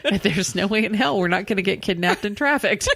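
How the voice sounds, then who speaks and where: A woman's voice: medium pitch, bright, forceful tone, breathy edge. A woman co-hosting a podcast in casual chat, rambling through stories, laughing often and swearing casually. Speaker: podcast co-host.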